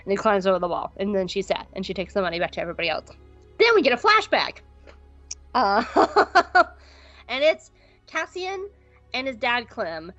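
A woman co-hosting a podcast who recaps an episode in a casual, profane, jokey way and acts out scenes in quick voices. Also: medium pitch, sing-song, fairly bright tone, dry recording, highs cut off, soft background music. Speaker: podcast co-host.

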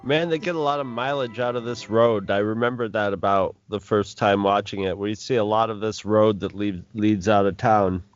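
A man co-hosting a podcast, chatting casually about an episode in an easygoing, slightly halting way. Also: on the low side, fairly even intonation, muffled recording, faint music behind. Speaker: podcast co-host. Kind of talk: casual discussion.

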